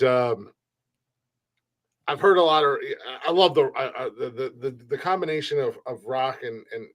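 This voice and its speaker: An American man on a music review panel, rambling with many restarts and jokes. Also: mid-range voice. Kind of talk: casual chat.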